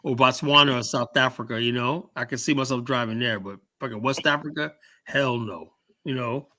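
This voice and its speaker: Bright-voiced casual male host. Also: medium pitch. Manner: loose and profane, drawn-out fillers. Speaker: podcast host. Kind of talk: casual chat.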